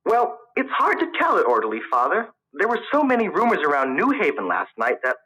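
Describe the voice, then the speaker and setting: An eager young student caught between nerves and defiance, as a storyteller puts him on. He talks in a raised, lively voice that climbs when pressed, bright and sharp at the edges. A storybook figure who argues right back. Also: sits high, a little fast, voice pushed up, full character voice, rough recording. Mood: nervous. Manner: eager, defensive. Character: young man, college student, nervous and argumentative.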